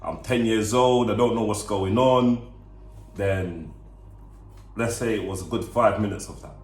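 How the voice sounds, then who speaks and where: A young man with a very low voice tells a personal story on a vlog. He talks earnestly and haltingly, restarting his words. The room echoes around him. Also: darkish tone. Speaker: vlog co-host.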